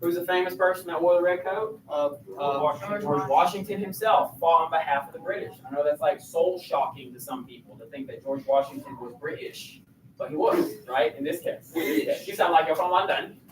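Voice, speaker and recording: A man's voice: on the high side, moderate pace, recorded from a distance, a crowd in the background. Man teaching a class, heard from across an echoey room. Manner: conversational, asks the class questions. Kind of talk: classroom lecture.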